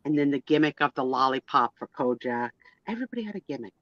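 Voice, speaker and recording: Lively chatty woman host, lo-fi sound. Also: very deep voice, quick pace, dry recording. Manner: chatty and playful, with frequent fillers. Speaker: host of a live photo sale and chat. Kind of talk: casual chat. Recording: dull lo-fi online stream audio.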